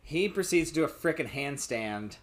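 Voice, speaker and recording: A man's voice: fairly high pitch, lively intonation, normal speed. Casual, profane young man telling stories. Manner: loose, profane, rambling storytelling. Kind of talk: casual chat.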